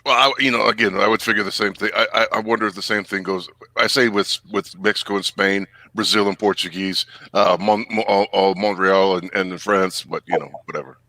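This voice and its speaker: A man's voice: fairly low pitch, fairly even intonation, fairly quick, hardly any pauses, bright, forceful tone, dry recording, rough recording. A man talking in a casual, rambling chat, often stammering and restarting his sentences.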